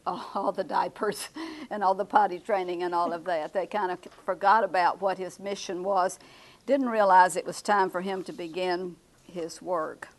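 Older woman, Bible study teacher; conversational, chuckles, echoes the class. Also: lowish voice. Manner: conversational, repeats class answers, chuckles often.

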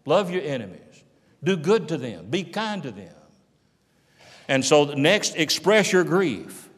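A man preaching a sermon, impassioned, swinging from hushed passages to loud cries. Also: fairly high pitch, big pitch swings, slow pace. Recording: long hall reverb.

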